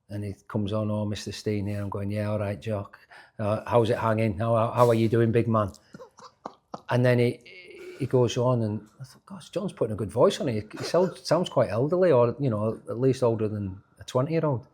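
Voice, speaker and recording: A man's voice: on the low side, darkish tone. A man of around sixty, a former footballer telling stories in an interview, restarting and repeating words as he goes. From England. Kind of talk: storytelling in a sports interview.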